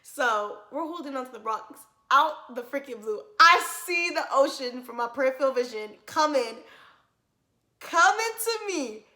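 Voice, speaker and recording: A young woman vlogger telling a story in casual chat, animated and dramatic, laughing often. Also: high-pitched, normal speed, few pauses, echoey room.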